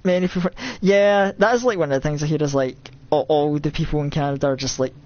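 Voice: medium pitch, fast talker, a little mellow, no room sound, muffled recording. A game streamer with a Scottish accent, from Scotland, giving rambling, self-mocking live commentary with nervous outbursts.

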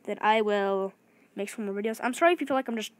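A woman giving excited gameplay commentary, talking fast and restarting her sentences often. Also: medium pitch, dry recording. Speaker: gaming video creator.

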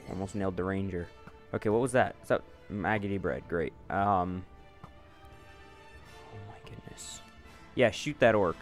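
Jumpy man voicing a game playthrough. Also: mid-range voice. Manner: jumpy, swings between panicked yelling and calm remarks. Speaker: gaming video creator. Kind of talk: let's play commentary.

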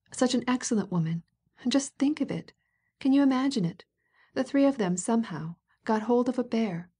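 A woman's voice: medium pitch, warm tone, husky. A woman reader voicing a gossiping society lady who talks in scandalized, sarcastic exclamations. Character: gossiping indignant society lady, middle-aged.

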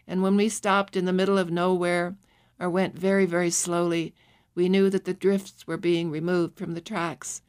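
Audiobook narrator: woman, low voice, calm and measured. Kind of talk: scripted memoir narration.

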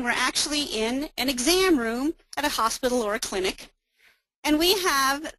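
A woman hosting a webinar, guiding her listeners through a software demo one step at a time. Her voice sits on the higher side and sounds upbeat and clear. The sound is dry and close, with no room around it. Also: no echo, poor audio. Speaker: webinar presenter.

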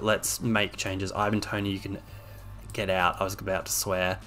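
A man's voice: sits low, moderate pace, sharp tone. Exasperated man ranting over gameplay. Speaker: game streamer. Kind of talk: frustrated gameplay commentary. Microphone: desk microphone.

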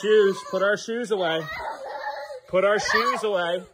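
A man's voice: high-pitched, unhurried, heavy background noise. A father filming a home vlog, firmly repeating short commands to his child as he tidies up indoors. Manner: firm, repetitive commands to a child. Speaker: father and vlogger.

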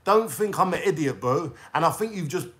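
Young man, London accent, furious call-out vlog rant, sharp forceful tone, slightly high voice, heavy swearing. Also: expressive, brisk. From England. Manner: confrontational, profane, taunting street slang. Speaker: YouTuber. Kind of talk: angry call-out rant to camera.

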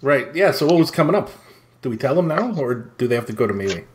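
A man's voice: mid-range voice, very animated, quick pace. A man co-hosting a casual podcast, teasing his partner and laughing often. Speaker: podcast co-host.

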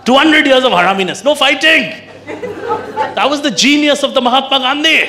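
A man's voice: very high voice, fairly quick, a loud crowd. A man with an Indian accent doing a stand-up comedy set, brash and profane, telling his story playfully. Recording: live club recording with audience noise.

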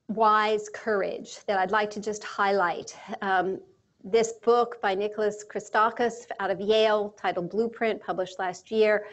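A woman leading a guided mindfulness talk, speaking calmly and slowly with deliberate pauses. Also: medium pitch. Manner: calm, slow and measured, with deliberate pauses. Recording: dull lo-fi sound with faint music.

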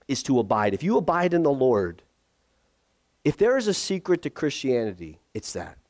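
A man preaching a sermon as pastor, conversational and lively, acting out the voices he quotes. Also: fairly high pitch, dry recording, studio quality.

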